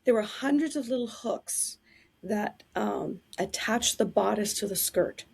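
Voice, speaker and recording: A woman telling anecdotes in a casual interview, animated and quick to laugh. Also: medium pitch, gravelly, husky.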